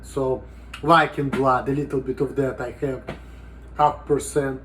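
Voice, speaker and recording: A man's voice: mid-range voice, fairly even intonation, unhurried, fairly bright tone, a little hiss or hum. A man talking casually in a rambling, profane vlog monologue, with "you know" in almost every sentence. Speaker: vlogger.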